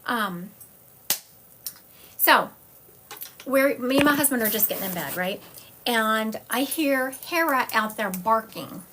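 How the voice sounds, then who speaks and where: Woman, psychic medium, live-stream reading, chatty, digressive, fairly high voice, faint background hiss. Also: expressive, slow, pauses often, bright, forceful tone. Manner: chatty, digressive, jumps between stories. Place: at home.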